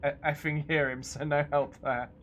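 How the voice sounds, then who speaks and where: A man's voice: a little high, flat delivery, moderate pace, fairly bright tone, slight background noise. Joking man streaming a game. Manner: joking, stammering, laughing often. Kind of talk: casual live-stream commentary.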